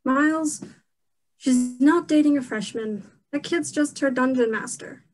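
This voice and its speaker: A woman's voice: high-pitched, measured pace, low-quality recording. A young woman playing a protective, blunt teenage girl on stage, scolding sharply. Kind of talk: stage play acting.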